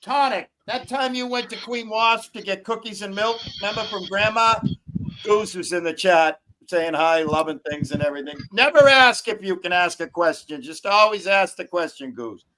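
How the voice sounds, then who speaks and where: A man's voice: high-pitched, animated, normal speed, sharp tone. A man hosting a crude, casual live stream, teasing and rambling with profanity. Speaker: stream host.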